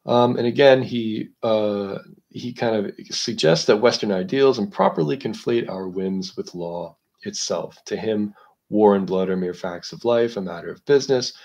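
A man hosting a literature discussion, explaining a book in a measured, analytical way while thinking aloud. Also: fairly low pitch, darkish tone.

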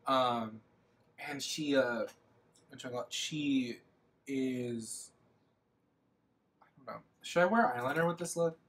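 A man's voice: mid-range voice, slow pace, pauses often, a bit bright. A young man rambling casually in a get-ready-with-me makeup vlog, heavy on fillers and self-mocking asides. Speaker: makeup vlogger.

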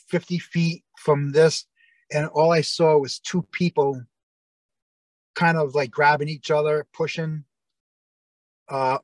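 A man with a mid-range voice, recorded roughly and without echo, is the guest in a casual storytelling interview. He tells long, rambling stories, often restarting and quoting what people said.

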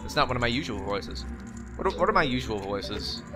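Very animated and a little fast, this young man's mid-range voice carries jokey, casual gameplay commentary as he answers the game back and swears occasionally. The let's play is recorded on a facecam desk mic over game music.

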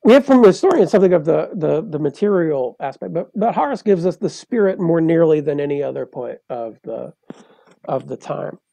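Man, podcast guest poet, professorial explaining, raspy fry in the voice, warm low tone. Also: animated, fairly quick, dry recording. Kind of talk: interview conversation.

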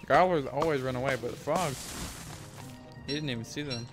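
A man's voice: mid-range voice, normal speed. Man rambling over game music. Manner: rambling, thinks aloud, with sudden excited whoops. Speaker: streamer. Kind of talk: casual gameplay commentary. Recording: game music playing under the voice.

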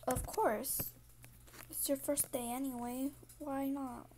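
A girl playing a soft-spoken classroom teacher. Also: high voice, steady tone, slow pace. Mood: casual. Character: teacher, a patient adult woman. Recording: fan noise behind.

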